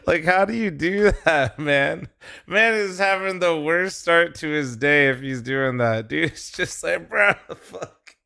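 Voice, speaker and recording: Hosting a live-stream watch party, a man talks straight to chat, loose and laughing, with plenty of profanity. His slightly nasal voice is on the high side, slow, creaky, bright, and forceful, with a clean tone.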